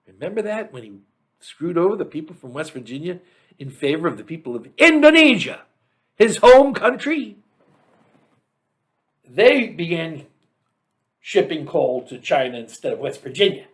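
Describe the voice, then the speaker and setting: Sarcastic high-voiced male commentator. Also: fairly bright tone. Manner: sarcastic, reads facts aloud with mocking asides. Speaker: show host. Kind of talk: political commentary monologue.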